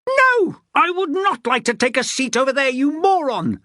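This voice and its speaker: A woman's voice: sing-song, moderate pace, bright, forceful tone, no room sound, clean studio sound, heavily acted. A woman voicing an enraged woman solicitor who screeches and spits insults at a police desk officer. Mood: screeching. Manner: shrill, screeching, spitting with rage. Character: furious shrieking woman solicitor, middle-aged.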